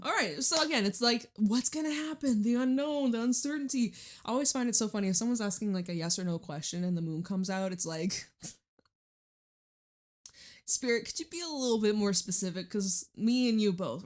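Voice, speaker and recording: A woman doing a casual tarot reading, chatty, laughing often and swearing freely. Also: medium pitch. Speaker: tarot reader.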